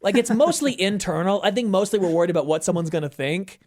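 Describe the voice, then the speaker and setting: A middle-aged man, a guest on an interview show, talking candidly and with feeling, with emphatic swings in pitch. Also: fast. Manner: animated storyteller who acts out quoted voices. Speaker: podcast guest. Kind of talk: conversational interview.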